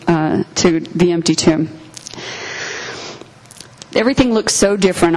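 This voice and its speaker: A woman giving a sermon, retelling and reading a story in an earnest, expressive way. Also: fairly low pitch, rough recording. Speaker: preacher.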